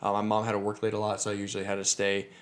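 A man hosting a podcast, telling personal stories in a chatty, animated way. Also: on the low side, rapid-fire. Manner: chatty, animated, many fillers and restarts. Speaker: podcast host. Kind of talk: casual storytelling.

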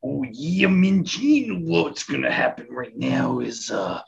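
Gravelly-voiced man cracking crude jokes. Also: mid-range voice, unhurried, lo-fi sound. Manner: crude, joking banter. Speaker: podcast co-host. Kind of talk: casual chat.

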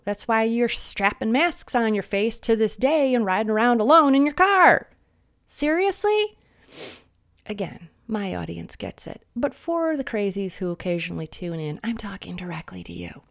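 In a monologue of mocking political commentary, a sarcastic woman in her thirties lectures those listening, slightly sniffly, and does shrill impressions of the people she opposes.

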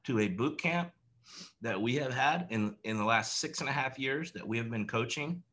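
A male host on a video call giving an energetic, preachy coaching talk and laughing often. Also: medium pitch, moderate pace.

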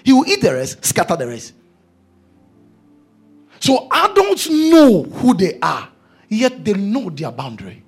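A man's voice: high-pitched, huge pitch swings, a little slow, long pauses, slightly rough, faint music behind. A male preacher delivering a sermon, emphatic and repeating his key phrases.

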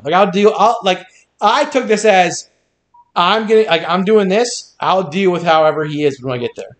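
A man hosts a podcast in casual chat, his voice sitting a little high. He laughs often and swears freely. The room gives his voice a noticeable echo. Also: expressive, brisk. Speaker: podcast host. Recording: echoey room.

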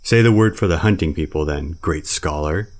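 Baloo, a man doing a deep old bear. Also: moderate pace, darkish tone. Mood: grumbling. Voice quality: solemn, lecturing. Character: old brown bear teacher, stern yet tender. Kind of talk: storybook reading.

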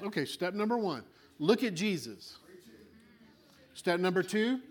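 A man preaching a sermon with animated delivery, acting out little voices and swinging between loud and quiet. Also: high-pitched, measured pace, slightly rough.

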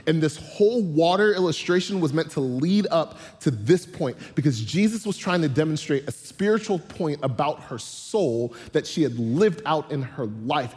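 A man preaching a sermon, emphatic, slowing down to stress lists. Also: fairly high pitch, darkish tone, big-room sound. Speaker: pastor.

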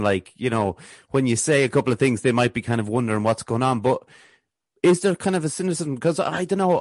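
A man's voice: mid-range voice, no room sound, studio quality. A man hosting a podcast, asking hesitant, searching questions full of fillers. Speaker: podcast host. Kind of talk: casual podcast interview.

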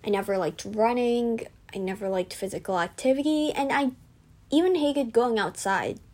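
A woman's voice: a little high, normal speed, a little mellow. A teenage girl chatting casually in a self-deprecating, rambling storytime vlog, venting with indignation. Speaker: vlogger.

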